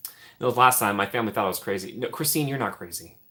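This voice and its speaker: A young man talks casually on his live stream, answering viewers in a relaxed, chatty way. He laughs a lot and his voice often drops to a quiet mumble at the end of a thought. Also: fairly low pitch, fast talker. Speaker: livestream host.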